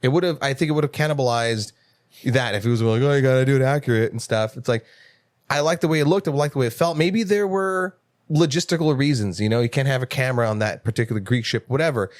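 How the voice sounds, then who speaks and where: A man co-hosts a casual movie podcast, ranting and swearing freely. His pitch leaps when he gets excited. The sound is dry and close, with no room echo. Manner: animated, profane ranting with quick jumps in pitch. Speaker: podcast co-host. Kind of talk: casual chat.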